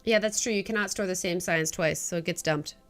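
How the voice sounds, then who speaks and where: A woman casually commenting on her space game while streaming live, jokey and excitable, chatting with viewers. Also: lowish voice, brisk, soft background music. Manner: jokey and excitable, talking to chat.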